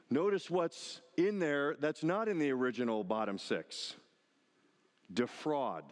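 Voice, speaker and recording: Male pastor, mid-pitched, very animated delivery, recorded with a long hall echo. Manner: animated, acting out quoted lines with rising emphasis. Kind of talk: sermon.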